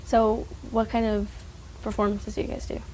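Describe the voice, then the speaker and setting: A woman's voice: mid-range voice, completely flat delivery, moderate pace, warm tone, rough recording. A teenage girl hosting a student interview, eagerly asking short, friendly questions. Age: teens. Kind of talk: casual interview.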